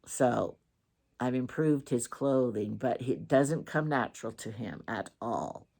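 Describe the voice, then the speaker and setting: Gravelly woman spinning rambling stories. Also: a bass voice, animated, takes it slowly, darkish tone. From Wyoming. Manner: chatty, rambling, fond teasing tone. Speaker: vlogger hosting her own morning show. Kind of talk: casual storytelling monologue.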